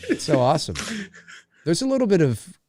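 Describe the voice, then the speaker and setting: Excitable chatty man with lively pitch. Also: brisk, a little hiss or hum. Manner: chatty, excitable, many restarts. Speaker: podcast host. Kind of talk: casual movie watch-along commentary.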